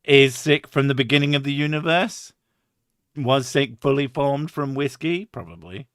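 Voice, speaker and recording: A man's voice: medium pitch, normal speed, no room sound, studio quality. A man hosting a stream, rambling and swearing, laughing often in casual chat. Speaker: streamer host.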